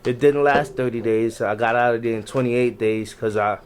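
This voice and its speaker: In a laid-back storytelling conversation, a podcast guest who served in the navy recounts military tales in casual slang, often restarting what he says. He has a New York accent and Jamaican family background. His mid-range voice moves at normal speed with fairly even intonation, over a little hiss or hum.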